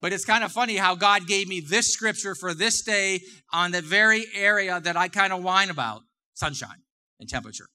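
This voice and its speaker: A middle-aged man with a very bright, somewhat high voice, preaching to his congregation. He talks in a relaxed, conversational way, repeats his phrases, and pushes his voice up when he stresses a point. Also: normal speed. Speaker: pastor. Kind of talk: sermon. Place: church.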